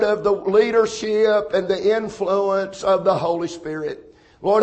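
A man preaching in a strikingly high voice. He talks slowly and deliberately, repeating phrases and building to shouted points. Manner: slow, preaching cadence that builds to shouted emphasis. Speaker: pastor. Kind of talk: sermon with opening prayer.

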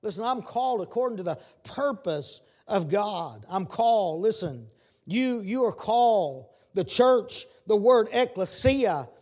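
A man preaching a sermon, repeating his words and building to shouted calls. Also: high voice, expressive, unhurried.

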